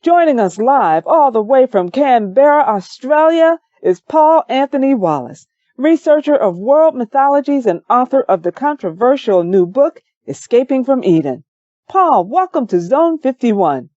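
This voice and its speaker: A woman reading in the voice of a breezy male radio talk show host, lifted well above her own pitch in an announcer's cadence. The recording is slightly dull and muffled. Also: very animated, a little slow, dark tone, dry recording. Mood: upbeat.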